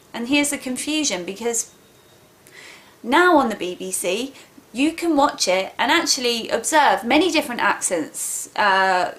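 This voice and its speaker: A woman's voice: fairly high pitch, fairly bright tone. A woman, explaining earnestly to camera like a teacher. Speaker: English teacher.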